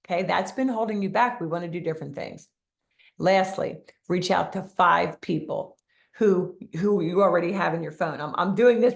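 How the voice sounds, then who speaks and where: A woman's voice: fairly low pitch, gravelly. A woman running a live-streamed motivational coaching session for real estate agents, who talks emphatically, repeats key phrases and keeps asking viewers to answer in the comments.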